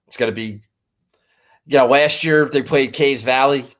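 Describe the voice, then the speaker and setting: Fired-up, swearing golf betting host. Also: male voice, medium pitch, normal speed, fairly bright tone. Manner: frustrated, profane, rambling. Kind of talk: casual chat.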